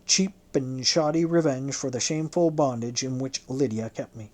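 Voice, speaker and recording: An audiobook narrator reading a historical novel in the first person, in a measured, literary way. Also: mid-range voice, darkish tone.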